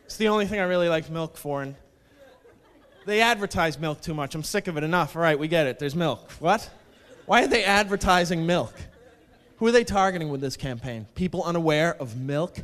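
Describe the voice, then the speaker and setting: A stand-up comedian on a club stage, delivering sarcastic, mock-indignant rants into a handheld mic. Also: male voice, a little high, lively intonation, fairly quick, fairly bright tone. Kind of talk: stand-up set.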